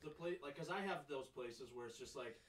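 A man's voice: mid-range voice, brisk, fairly bright tone. A man chatting casually on a podcast, chiming in with offhand suggestions. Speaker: podcast guest. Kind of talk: casual chat among friends. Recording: voice picked up from a distance.

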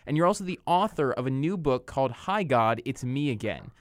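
A man's voice: mid-range voice, animated, brisk, dry recording, studio quality. A man hosting a podcast interview, introducing his guest and asking eager questions. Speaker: podcast host.

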